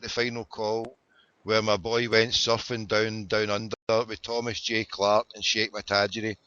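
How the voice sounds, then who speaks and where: A man's voice: fairly low pitch, pushed and bright, clean tone. A man with a Glaswegian accent hosting a casual chat, swearing and calling people mate. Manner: sweary, says "mate" a lot. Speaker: podcast host. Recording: dull lo-fi sound.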